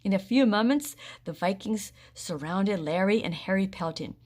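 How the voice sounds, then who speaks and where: A woman narrating a children's storybook in a steady, expressive way. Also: medium pitch, normal speed. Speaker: audiobook reader.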